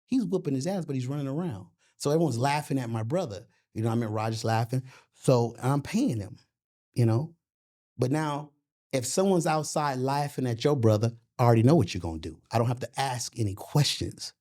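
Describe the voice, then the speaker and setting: A middle-aged man spins a profane, lively story in a casual interview. His voice jumps around in pitch as he gets worked up. He keeps checking in with the listener as he talks. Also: fairly quick. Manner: profane, animated storyteller with frequent "you know what I'm saying". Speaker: boxing and MMA coach, guest.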